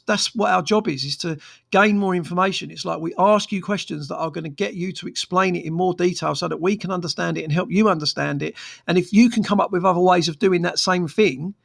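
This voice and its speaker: Man, therapist, frank rambling monologue, higher voice. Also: fast talker, creaky. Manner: rambling, frank, with many fillers and restarts. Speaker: therapist, podcast host. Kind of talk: casual solo podcast monologue.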